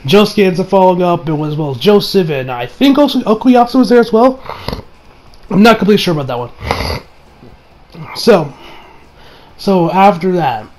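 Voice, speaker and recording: A man's voice: high-pitched, very animated, moderate pace, long pauses, a little mellow, slight background noise. A man casually recapping an anime episode, rambling with laughs and joking asides. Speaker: anime reviewer.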